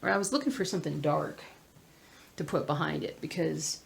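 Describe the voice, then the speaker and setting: A woman's voice: sits low, brisk, gravelly, breathy edge. A woman with a Southern US accent chatting casually while she stitches at home, muttering to herself and sometimes dropping into a whisper. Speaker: cross-stitch vlogger.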